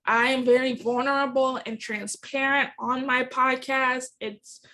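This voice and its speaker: Woman, young adult, podcast host, high voice, earnest, candid personal storytelling. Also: fairly even intonation, a little slow, pushed and bright. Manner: earnest, emotional, candid, with many restarts.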